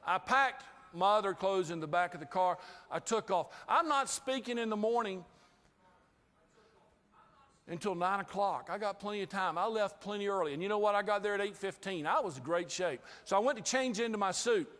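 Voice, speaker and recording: A man giving a customer service training talk to a live group, telling a story in a lively, humorous way. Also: high voice, moderate pace, in a large hall.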